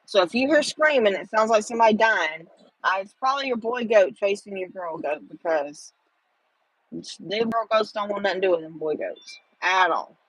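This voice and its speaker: A woman's voice: medium pitch, animated, moderate pace, no room sound, rough recording. A middle-aged woman, chatting with viewers on a casual livestream and rambling with lots of fillers. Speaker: livestream host.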